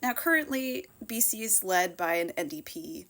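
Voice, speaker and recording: A woman's voice: mid-range voice, animated, moderate pace, a bit bright. Sarcastic Canadian political commentator woman. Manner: sarcastic, exasperated.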